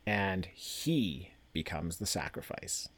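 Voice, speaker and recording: A man's voice: deep voice, lively intonation, slow, a bit bright, no room sound. Laughing man recapping a comic. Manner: laughs often, rambling with fillers. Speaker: podcast co-host. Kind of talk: casual chat recapping a comic.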